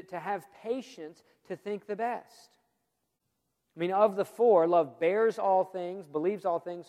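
Guy preaching in church, high voice, earnest, lots of hall echo. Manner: earnest, emphatic, drops to quiet for emphasis. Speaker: pastor. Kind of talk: sermon. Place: church sanctuary. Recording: long reverb of a church hall.

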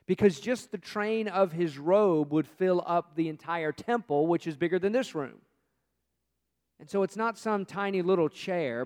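Preaching man in a reverberant hall. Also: high voice. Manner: emphatic preaching, swinging from loud to hushed. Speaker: pastor. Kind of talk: sermon.

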